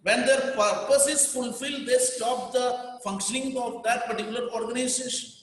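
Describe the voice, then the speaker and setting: A man's voice: extremely high pitch, steady tone, normal speed. A man with an Indian English accent teaching a class, repeating key points emphatically and dictating what students should underline. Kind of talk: classroom lecture. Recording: very echoey hall, reverberant.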